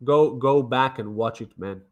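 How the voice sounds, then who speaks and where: A man's voice: mid-range voice, unhurried, a little mellow, highs cut off. A man streaming crypto trading commentary in a brash, mocking way, swearing and repeating himself. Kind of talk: casual livestream commentary.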